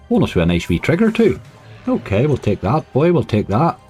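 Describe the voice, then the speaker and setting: A man's voice: medium pitch, sing-song, brisk, mellow, husky, soft background music. A man casually commenting on his slot play, chatty and cheering when bonuses land. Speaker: slots streamer.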